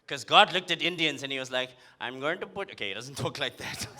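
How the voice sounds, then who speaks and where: On a comedy club stage, a young South African man with a South African accent delivers a punchy, animated stand-up set, teasing the crowd. His mid-range voice is brisk, with slight background noise.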